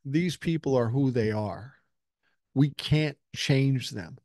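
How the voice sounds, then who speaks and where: Older podcast host from Minnesota, in his sixties, swears freely, dark voice, dry sound. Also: medium pitch, slow, dry recording. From Minnesota, USA. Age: 60s. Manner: blunt and profane, reads listener emails and news aloud. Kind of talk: casual political commentary.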